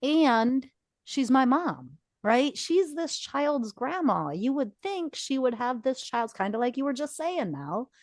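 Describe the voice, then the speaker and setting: A woman's voice: high-pitched, big pitch swings, slow, no room sound, studio quality. A woman in her forties co-hosting a podcast, telling a personal story with feeling and acting out quoted dialogue. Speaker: podcast co-host. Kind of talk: casual podcast conversation.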